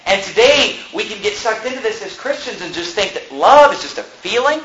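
A man preaches with a high, bright, fervent voice, pressing each point through repetition. His sermon rings out in a roomy, echoing space, with a faint hiss underneath. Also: lively intonation, fairly quick, muffled recording. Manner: fervent, emphatic, repeats phrases for emphasis. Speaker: pastor. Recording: roomy echo.

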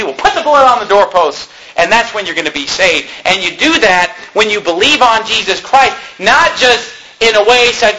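A man preaching a fiery sermon, rising to shouts at his peaks and dropping to a conversational tone for stories. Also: sits high, animated, normal speed, hardly any pauses, poor audio. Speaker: pastor.

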